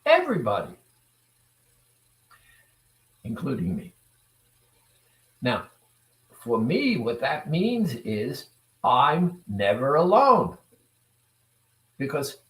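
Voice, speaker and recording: A man giving a motivational talk to viewers, speaking deliberately and repeating phrases, often putting questions to the audience. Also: fairly high pitch, fairly bright tone. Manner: deliberate, repetitive, asks the audience rhetorical questions. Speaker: self-improvement speaker. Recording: roomy echo.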